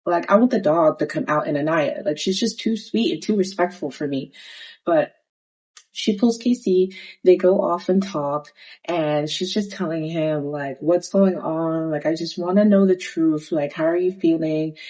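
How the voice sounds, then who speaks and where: A woman's voice: deep voice, moderate pace, rough recording. A young woman giving a sassy, slangy recap of a reality dating show, acting out the cast's lines as she retells them. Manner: sassy, animated, slangy retelling with quoted voices. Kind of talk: casual recap commentary.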